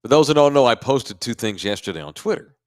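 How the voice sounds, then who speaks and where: A man's voice: medium pitch, very animated, fast talker, dry recording, clean studio sound. A middle-aged man, co-hosting a podcast in laid-back, rambling casual chat. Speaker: podcast co-host.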